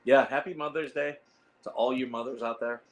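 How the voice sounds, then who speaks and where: A man with a Midwestern accent and a hoarse, worn voice, chatting casually on a home livestream in a rambling way. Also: mid-range voice, fairly even intonation, a little fast, rough recording. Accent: Midwestern American. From Ohio. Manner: rambling, chuckling, restarts phrases. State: hoarse, losing voice. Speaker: livestream host.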